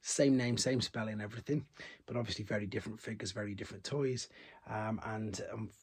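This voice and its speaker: A man's voice: on the low side, steady tone, a little fast, slightly rough. A man chatting casually about a collector's toy, rambling with many fillers and restarts. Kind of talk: casual unboxing chat.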